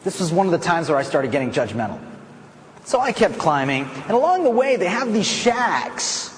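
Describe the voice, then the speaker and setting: An American man giving a playful, animated storytelling talk at a conference. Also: high voice, moderate pace, long reverb tail. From United States. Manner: animated, playful, self-mocking. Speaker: conference speaker. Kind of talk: storytelling speech. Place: conference hall.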